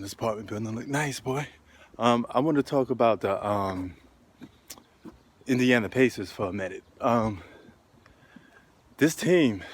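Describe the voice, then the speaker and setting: A man talking basketball while walking uphill outdoors, a little out of breath and rambling with lots of ums. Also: lowish voice. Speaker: sports vlogger. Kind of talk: casual walking vlog.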